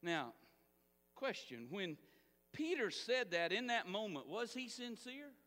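Lively high-voiced preacher in a reverberant hall. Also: male voice, takes it slowly. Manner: animated preaching with audience call-outs. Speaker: pastor. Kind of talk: sermon.

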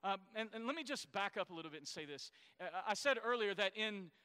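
A man's voice: sits high, lively intonation, fast, pushed and bright, smooth, in a large hall. A man preaching a sermon, explaining scripture and asking his congregation questions. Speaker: pastor.

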